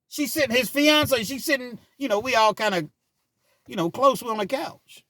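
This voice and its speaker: Middle-aged man, casual storytelling, lively swooping pitch, laughs a lot, dry close sound. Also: normal speed, no echo. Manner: animated, laughs often, swings between shouting and murmuring. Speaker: storyteller vlogger.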